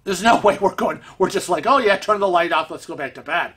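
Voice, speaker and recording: Bright, animated male vlogger. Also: high-pitched, a little fast, slightly rough. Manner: animated, excitable storytelling with laughs and acted-out quotes. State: vision impaired, uses a cane. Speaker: vlog host. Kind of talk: casual storytelling.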